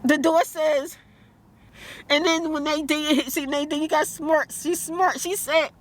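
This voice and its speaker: A woman's voice: sits high, fairly even intonation, measured pace. A woman vlogging about a bad experience, upset and rambling, repeating herself with bursts of disbelief. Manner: outbursts of disbelief. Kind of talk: emotional vlog rant.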